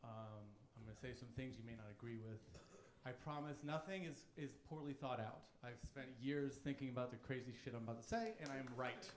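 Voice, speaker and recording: A man's voice: medium pitch, brisk, background noise. A man in his thirties doing a stand-up routine on a comedy club stage, cocky, provocative and crude. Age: 30s. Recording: echoey club room.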